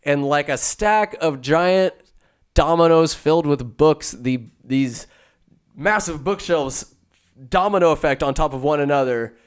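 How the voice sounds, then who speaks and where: A man casually recapping a film, rambling, swearing and telling the story with animated asides. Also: a little high, unhurried, clean tone.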